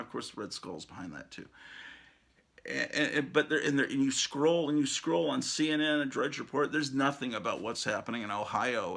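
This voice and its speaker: A man's voice: medium pitch, moderate pace, creaky, fairly bright tone. A man hosting his own show, talking in a rambling casual monologue full of fillers, restarts and little chuckling asides. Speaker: show host.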